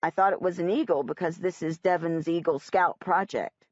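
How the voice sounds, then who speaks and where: Woman lowering her voice for a gentle middle-aged dad, hesitant and soft, dry muffled audiobook. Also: moderate pace, no room sound, lightly acted. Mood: puzzled. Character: gentle middle-aged father, puzzled and tender.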